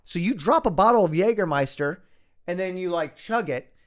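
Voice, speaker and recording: A man in his thirties, a podcast guest, telling a long story in a casual, animated way with lots of fillers. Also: high-pitched, moderate pace. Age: 30s. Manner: animated anecdote, fillers and acted-out quotes.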